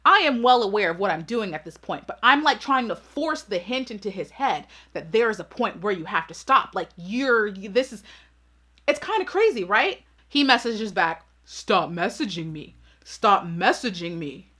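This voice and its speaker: A woman's voice: medium pitch, animated, moderate pace, few pauses, bright, forceful tone. A woman hosting her channel, telling a storytime vlog in a sassy, emphatic way and often checking in with her audience. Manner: sassy, emphatic, keeps asking "right?". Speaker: channel host.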